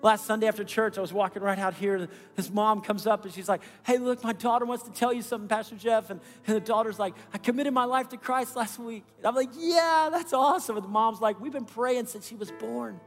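Middle-aged male pastor, earnest storyteller, fairly high voice, long hall reverb. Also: steady tone, fast talker, hardly any pauses, faint music behind. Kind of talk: sermon.

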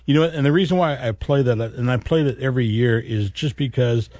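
A man's voice: mid-range voice, brisk, a little mellow, no echo. A man hosting a radio show from a studio, folksy and rambling in casual chat. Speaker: radio host. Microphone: studio microphone.

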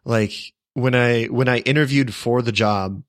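A man's voice: medium pitch, measured pace, dry recording, clean studio sound. A young man co-hosting a podcast, telling a long story in casual chat with frequent restarts and self-deprecating asides. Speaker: podcast co-host.

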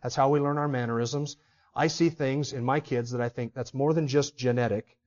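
A man's voice: medium pitch, fairly even intonation, moderate pace, darkish tone, highs cut off. A man preaching a sermon to his congregation, emphatic and putting rhetorical questions to them. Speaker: pastor.

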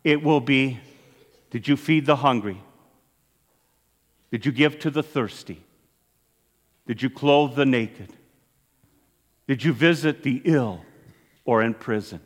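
A man's voice: mid-range voice, slow pace, pauses often, in a large hall. A man preaching a sermon as a priest, earnest and emphatic, his voice rising and falling as he makes each point. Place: church.

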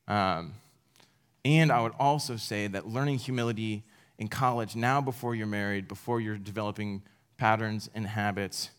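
A man's voice: medium pitch, a bit bright. A young man in his twenties giving a casual, self-deprecating sermon to college students, laughing now and then at his own stories. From United States. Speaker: campus speaker.

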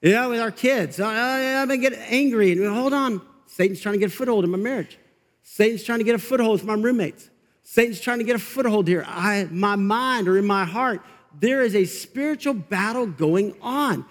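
A male pastor giving an energetic, conversational sermon in church, getting fired up and laughing as he talks. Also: high voice, moderate pace. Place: church sanctuary. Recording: long reverb of a large hall.

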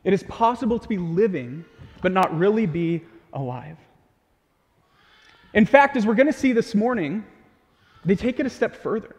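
A young man preaches in a church sanctuary, his voice sitting high for a man. He talks earnestly and with animation, turning to the congregation with questions. His words ring out with a long hall reverb. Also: expressive, normal speed, pauses often. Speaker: pastor. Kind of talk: sermon.

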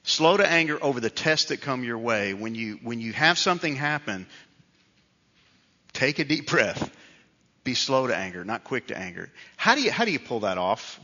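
Middle-aged male pastor, bright voice, easygoing storytelling sermon, dull hall recording. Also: mid-range voice, very animated, moderate pace. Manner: conversational storytelling preacher, self-deprecating. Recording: dull reverberant hall sound.

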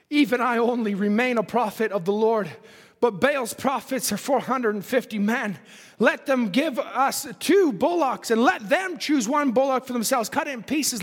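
A man preaching a fervent sermon, reading scripture aloud and rising to shouts at the peaks. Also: very high-pitched. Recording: long hall reverb.

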